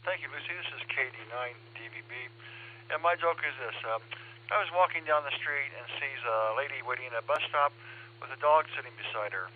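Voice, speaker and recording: A man checking in to an amateur radio net, telling a joke in a brisk, matter-of-fact way. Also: medium pitch. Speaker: net caller. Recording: narrow radio audio with faint noise.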